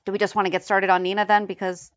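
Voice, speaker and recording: A woman's voice: medium pitch, flat delivery, rapid-fire, no echo, dull audio. A woman co-hosting a fan podcast, chatting casually and reading through a list of episode headlines. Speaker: podcast co-host. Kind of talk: casual recap chat.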